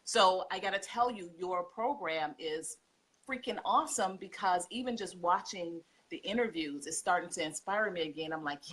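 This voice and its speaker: Homeschool mom guest, forties, husky, emotional storyteller. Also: female voice, on the low side, moderate pace. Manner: heartfelt, tearful, expressive storytelling. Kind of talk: emotional podcast interview.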